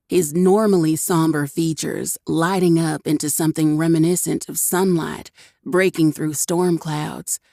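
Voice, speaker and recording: A woman narrating a first-person audiobook with wry, expressive storytelling. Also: sits low, no echo, studio quality.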